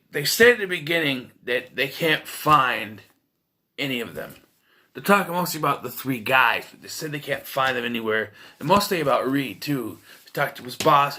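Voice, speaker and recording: A man's voice: medium pitch, sharp tone. A man giving a casual, rambling film review, exasperated and swearing freely. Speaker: movie reviewer.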